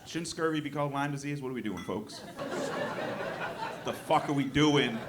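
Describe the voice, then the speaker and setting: Deadpan male comic in a noisy club. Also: medium pitch, moderate pace. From New Hampshire. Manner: deadpan one-liners with sudden loud outbursts at the crowd. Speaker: stand-up comedian. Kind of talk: stand-up set. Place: comedy club stage. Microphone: handheld stage mic. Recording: live club recording with crowd noise. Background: audience laughter.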